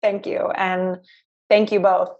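A woman's voice: medium pitch, flat delivery, takes it slowly, a little mellow. A woman podcast guest, emotional and stumbling over her words in casual chat. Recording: dull lo-fi sound.

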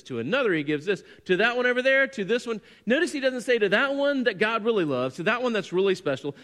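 Animated preacher man in an echoing church. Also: sits high. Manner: animated, self-deprecating, acts out quotes. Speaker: pastor. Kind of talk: sermon.

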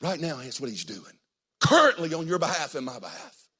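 An older man preaching a sermon as pastor, dramatic, swinging between hushed near-whispers and loud, shouted passages. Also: on the high side, sing-song, brisk, husky.

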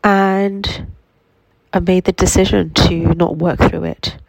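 A woman with a cold and a nasal voice, giving a slow, reflective spiritual self-help talk from her bed at home. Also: fairly low pitch, little pitch movement, vocal fry, no room sound, low-quality recording. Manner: slow, reflective, gently affirming. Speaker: healing coach.

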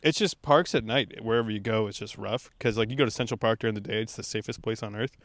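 A man's voice: on the low side, quick pace. A young man hosting a podcast, joking and teasing in casual chat. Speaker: podcast host.

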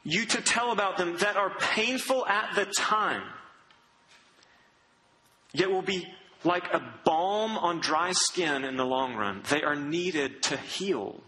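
Male preacher, earnest and conversational, often soft and low; fairly high voice, tense and bright. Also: slow pace, a little hiss or hum, poor audio. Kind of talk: sermon.

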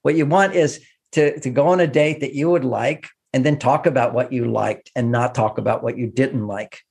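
Gravelly man giving relationship advice. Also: mid-range voice, normal speed. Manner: animated, acts out quoted voices. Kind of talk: warm advice talk with stories.

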